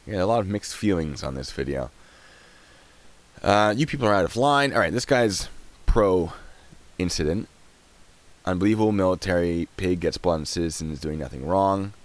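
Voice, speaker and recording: Deep-voiced man chatting on a live stream. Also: lively intonation, normal speed, long pauses. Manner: chatty, laughs often, trails off while clicking around. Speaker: streamer reacting to videos and chat. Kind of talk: casual live-stream commentary.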